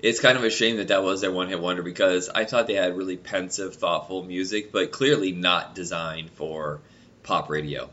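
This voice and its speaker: A man with a head cold chatting casually about nineties music, his nasal voice stuffed up and deeper than usual. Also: steady tone, moderate pace, bright, forceful tone, muffled recording. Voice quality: normally nasal voice.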